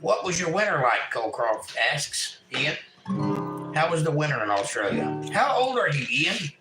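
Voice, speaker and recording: Male host, higher voice, jokey chat reader; roomy sound, guitar music behind. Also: sing-song, moderate pace. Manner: jokey, reads chat messages aloud with puns. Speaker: livestream host reading chat. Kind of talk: casual chat. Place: home.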